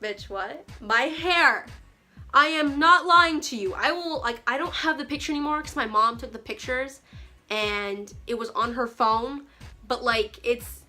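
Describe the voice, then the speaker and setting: A woman's voice: sits high, a little slow, sharp tone, soft background music. A young woman vlogger telling a dramatic, chatty story with slangy asides. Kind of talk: storytime vlog.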